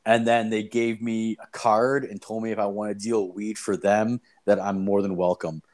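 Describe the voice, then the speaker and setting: A man's voice: on the low side, normal speed. A young man from Canada telling a rambling, profane story in casual chat, quoting others as he goes. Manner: rambling, profane, animated retelling with quoted voices.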